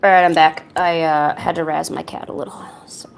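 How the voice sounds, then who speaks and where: Gravelly woman chatting while she paints. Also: low voice, level tone, a little fast, a little hiss or hum. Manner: candid, rambling, casually profane. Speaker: art streamer. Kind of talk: casual chat while painting.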